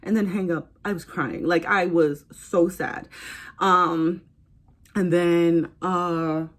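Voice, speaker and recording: A woman's voice: fairly low pitch, slow pace. Chatty young woman telling a storytime. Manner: chatty and animated, breaks into quoted voices. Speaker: vlogger. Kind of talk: casual storytime while getting ready.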